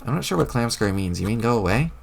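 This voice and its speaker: A man's voice: lowish voice, expressive, fast talker, creaky, slight background noise. A man reading aloud as an earnest, slightly nervous teenage boy hero. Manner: hesitant, earnest questions.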